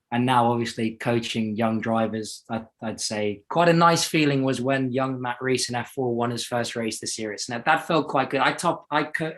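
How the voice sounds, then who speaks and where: A man's voice: mid-range voice, fairly bright tone. A young adult man from South Africa, a racing driver talking casually as an interview guest, rambling and self-deprecating with many restarts.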